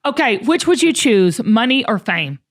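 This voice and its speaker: A woman with a Southern US accent hosting a talk show, firing off questions with bubbly, quick reactions and exclamations. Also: a little high, sing-song. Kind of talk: casual interview chat.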